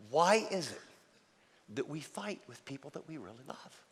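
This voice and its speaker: A man preaching a sermon as a pastor, speaking emphatically and then dropping to a near-hush for emphasis. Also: on the high side, very animated, moderate pace, slightly rough. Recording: reverberant hall.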